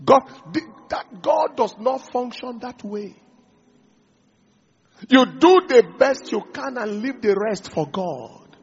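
Gravelly high-voiced male preacher. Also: takes it slowly, highs cut off. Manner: animated, acts out little dialogues, asks the audience questions. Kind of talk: sermon.

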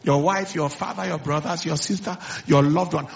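A man's voice: a little high, fairly even intonation, moderate pace, creaky, breathy edge. A middle-aged man preaching a sermon, telling stories and repeating phrases, with stammered restarts. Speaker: pastor. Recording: slightly dull lo-fi sound.

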